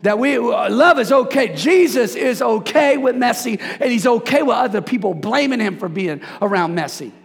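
Raspy high-voiced preaching man in a hall. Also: normal speed, hardly any pauses. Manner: animated, preachy, jokes with congregation. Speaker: pastor. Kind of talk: sermon. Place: church sanctuary. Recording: hall reverb.

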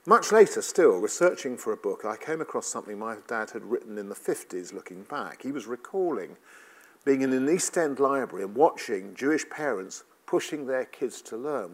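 A man's voice: mid-range voice, brisk. A middle-aged English man with a light London lilt, telling wry personal stories and jokes to an audience. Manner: wry, animated storytelling with joke delivery. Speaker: speaker giving a talk. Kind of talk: storytelling talk to an audience.

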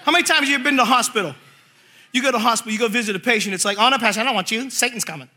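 High bright-voiced man preaching a comic story. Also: very fast, slight background noise. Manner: animated, acts out voices, laughs through story.

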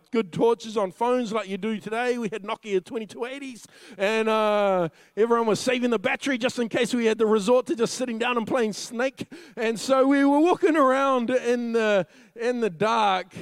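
A young man preaching a sermon as a funny story, lively and laughing often as he tells it. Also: very high voice, clear, resonant tone, no room sound.

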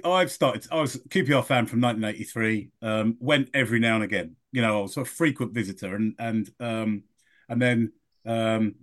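A man's voice: mid-range voice, fairly bright tone. A middle-aged man chats as a guest on a podcast. He tells a rambling story and corrects himself along the way. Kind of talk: casual podcast chat.

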